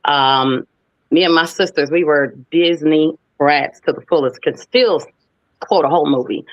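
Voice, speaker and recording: A woman in her thirties from the US, a guest actress telling stories in a casual interview, lively and playful. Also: low-pitched, measured pace, dry recording. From United States. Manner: lively, playful, animated when retelling stories. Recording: dull lo-fi, dry sound.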